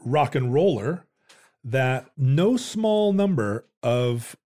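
A man's voice: mid-range voice, big pitch swings, takes it slowly, warm tone. A man who is a rock musician, chatting casually and laughing easily, with loose fillers as he recalls things. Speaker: musician and co-host. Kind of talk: casual comedic chat.

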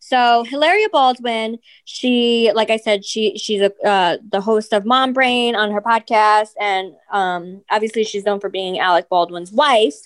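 A woman's voice: medium pitch, measured pace, hardly any pauses, clear, resonant tone. A young adult woman co-hosting a podcast, chatting and gossiping casually, filling her talk with "like" and "you know". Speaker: podcast co-host.

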